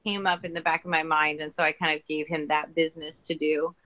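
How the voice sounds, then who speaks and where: A woman's voice: low-pitched, little pitch movement, brisk, noisy background. A woman guest author in a casual podcast interview, talking thoughtfully and searching for words with frequent restarts. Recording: dull lo-fi sound.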